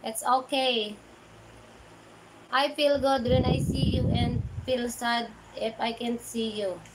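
A woman's voice: on the high side, fairly even intonation, slow. A Filipina woman with a Filipino accent, hosting a casual livestream, greeting viewers by name and reading their chat aloud in English mixed with Tagalog. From Philippines. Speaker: livestream host. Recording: loud background noise.

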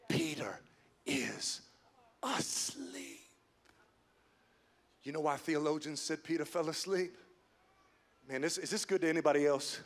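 A man preaching a sermon as pastor, swinging from hushed, slow lines to loud, fast build-ups. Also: high voice. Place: church sanctuary. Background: soft music.

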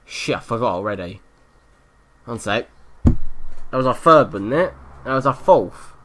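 A man giving live gameplay commentary, excitable, swearing often and yelling at the game. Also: mid-range voice, a little slow, a little hiss or hum. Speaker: gaming YouTuber.

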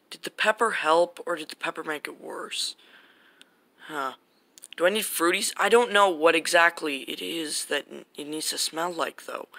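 A man doing a quiet, mumbling young tinkerer. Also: medium pitch, no room sound. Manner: quiet, muttering to himself, hesitant. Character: mild-mannered young male tinkerer.

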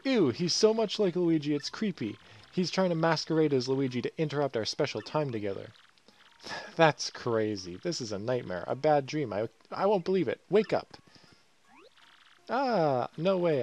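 A man voicing a young girl fan who gushes with squealing, breathless excitement. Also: a little high, moderate pace, pitched above the performer's own voice. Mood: dramatic.

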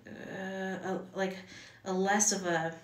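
Recorded from a distance in an echoey room at home, this woman speaks slowly and flatly in a mid-range voice, off-mic. She's a hand-lettering teacher giving a relaxed lesson, chatty and rambling with lots of fillers and restarts.

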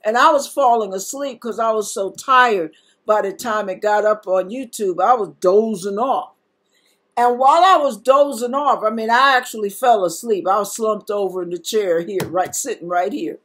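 A woman's voice: medium pitch, moderate pace. A woman preacher, telling a personal testimony in an earnest, emotional sermon. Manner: emotional, tearful at times, earnest. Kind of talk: sermon-style teaching and testimony.

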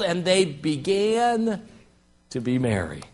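Male pastor, high voice, preaching sermon in church; dramatic swings between quiet and shouting. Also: lively intonation, normal speed. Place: church sanctuary.

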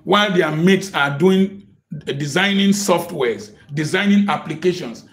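A middle-aged man preaching a sermon, impassioned and full of rhetorical questions, sometimes breaking into shouts. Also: a little high, measured pace. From Africa.

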